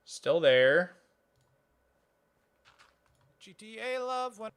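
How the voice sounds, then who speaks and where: A man's voice: high-pitched, sing-song, drawn-out words, fairly bright tone, smooth. A man streaming a building game, exasperated, asking what happened and repeating "dude" and "bro". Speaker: Minecraft streamer. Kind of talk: frustrated gameplay commentary.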